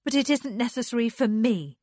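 Woman plays a proud, guarded young woman in a storybook, cool, slow, lively pitch. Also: breathy edge, no room sound, studio quality.

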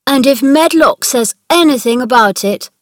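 A woman's voice: on the high side, normal speed, no echo, clean studio sound, natural voice. A woman voicing a bossy sickly boy. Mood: commanding. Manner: commanding, imperious. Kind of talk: read-aloud storybook dialogue.

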